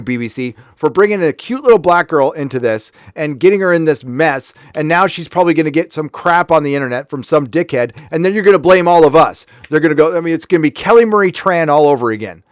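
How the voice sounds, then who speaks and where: A man's voice: fairly high pitch, dry recording, studio quality. A man from California hosting a show, ranting in a casual, sarcastic way. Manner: sarcastic, heated. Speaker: host. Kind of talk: casual commentary rant.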